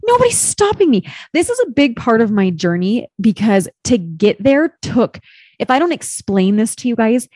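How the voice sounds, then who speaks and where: A woman's voice: fairly high pitch, moderate pace, no echo. Candid woman telling a story, dry sound. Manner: candid and expressive, swears, heavy use of "like". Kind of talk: casual storytelling chat.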